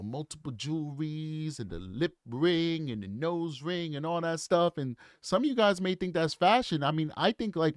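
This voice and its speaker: Earnest man in his forties, slightly high voice. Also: no room sound, clean studio sound. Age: 40s. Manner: earnest, lecturing, repeats himself. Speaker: true crime commentator. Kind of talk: casual commentary.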